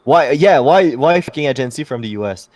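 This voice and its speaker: Male co-host, French Canadian accent, native French speaker, mid-pitched, halting and blunt, dry close sound. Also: animated, darkish tone, dry recording. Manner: blunt, swearing, halting with fillers. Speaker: podcast co-host. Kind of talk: casual chat.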